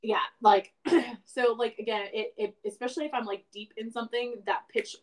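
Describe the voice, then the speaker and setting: A woman's voice: a little high, fairly even intonation, moderate pace, rough recording. A woman co-hosting a podcast in casual chat, rambling and reflective, with many "like" fillers. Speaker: podcast co-host.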